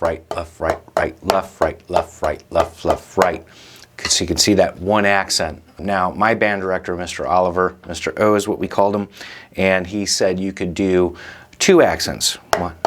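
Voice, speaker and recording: A man hosting a drum lesson, patiently explaining rudiments and counting stickings aloud. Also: lowish voice. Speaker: drum teacher and show host. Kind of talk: instructional talk to camera.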